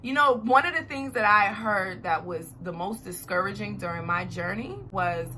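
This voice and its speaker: A young adult woman vlogger talking casually to her viewers, chatty and animated. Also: mid-range voice, moderate pace, hardly any pauses, slight background noise. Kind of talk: casual talk to camera.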